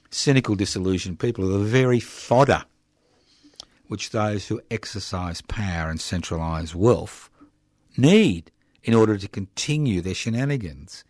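A man's voice: low-pitched, dry recording, studio quality. An older man hosting a radio show, giving passionate, indignant political commentary with mocking asides. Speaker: radio host.

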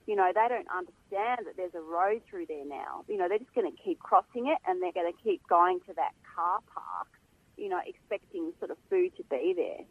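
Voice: medium pitch, moderate pace, no room sound. A guest, speaking passionately and emphatically about animal welfare in a phone interview. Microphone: telephone. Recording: tinny phone line.

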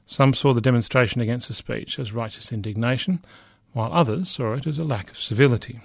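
Gravelly man reading with asides. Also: mid-range voice, fast talker, no echo, studio quality. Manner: reads aloud with frequent asides, fillers and restarts. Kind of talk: lecture reading and commenting on a news report.

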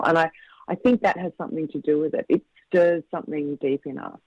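A man, a film director, talks reflectively in a radio interview, pausing and restarting his sentences. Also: high-pitched, no room sound. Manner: reflective, halting, many restarts. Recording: slightly muffled dry radio audio.

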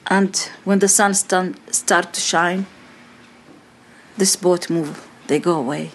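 A middle-aged woman giving personal testimony, speaking slow, halting non-native English in short phrases. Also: lowish voice, fairly even intonation, a little hiss or hum.

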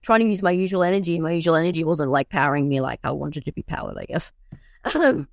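A young woman tells her own story in a halting way, full of fillers and restarts. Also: deep voice, gravelly, dry recording, clean studio sound. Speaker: guest sharing her illness story. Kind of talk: personal storytelling.

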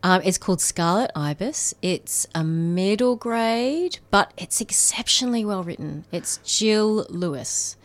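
A woman, a radio presenter with a soft, soothing voice. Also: medium pitch, expressive, measured pace, hardly any pauses. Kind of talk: casual radio chat.

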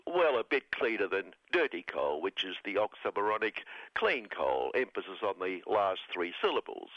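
A man's voice: mid-range voice, no room sound. A man delivering a scripted satirical radio monologue, sarcastic and mock-solemn with heavy irony. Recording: dull lo-fi radio broadcast.

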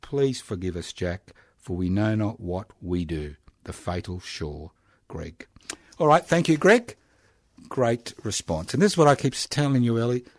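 A man's voice: sits low, lively intonation, moderate pace, a little mellow, no room sound. A man in his sixties with an Australian accent, hosting a casual community radio chat in a studio, teasing and jokey. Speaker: radio host.

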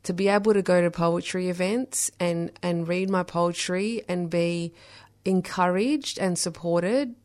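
A woman speaks in a slightly low voice as a guest on a radio interview. She sounds reflective and talks in loose, filler-laden sentences. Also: measured pace, darkish tone. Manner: reflective, many fillers like "you know". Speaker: poet and author guest.

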